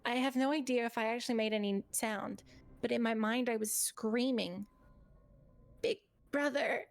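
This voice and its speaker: A woman's voice: on the high side, fairly even intonation, moderate pace, no echo. Woman reading game narration aloud. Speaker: streamer.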